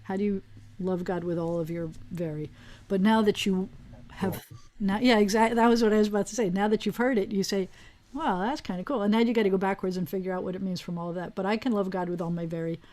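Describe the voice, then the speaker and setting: A woman rabbi teaching an online Hebrew class in a relaxed, digressive way, with plenty of fillers, speaking into a video call mic. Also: mid-range voice, fast. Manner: chatty, digressive, with frequent fillers.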